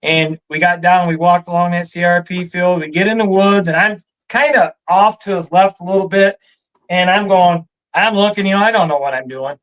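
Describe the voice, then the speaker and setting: A man with a Michigan accent telling a hunting story in a relaxed chat, animated and laughing often. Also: sits high, moderate pace, low-quality recording. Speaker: guest storyteller. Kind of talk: casual storytelling.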